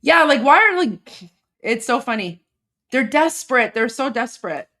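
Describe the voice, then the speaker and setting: A woman's voice: fairly high pitch, big pitch swings, normal speed, bright, forceful tone. A woman with an Iranian accent hosting a livestream, rambling and repeating herself as she comments on clips. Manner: rambling, repeats herself, keeps asking "right?". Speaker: livestream host. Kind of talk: casual live commentary.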